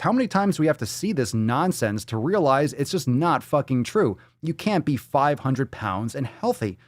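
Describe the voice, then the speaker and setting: A man hosting a live podcast, ranting in a profane, sarcastic, mocking way, jumping from loud outbursts to muttered asides. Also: mid-range voice, big pitch swings, normal speed, hardly any pauses, dry recording. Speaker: podcast host. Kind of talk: live-stream podcast rant.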